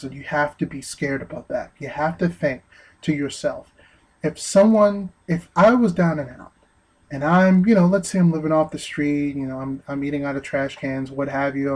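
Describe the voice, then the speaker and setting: A man giving an earnest opinion monologue, speaking haltingly with frequent restarts. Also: a little high, low-quality recording. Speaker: vlogger.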